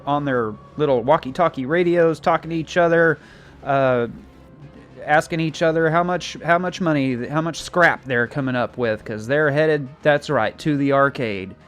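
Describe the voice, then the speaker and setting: A man's voice: on the high side, normal speed, soft background music. Rambling jokey man recapping a show. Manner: rambling, jokey, full of filler words. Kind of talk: casual plot recap with acted quotes.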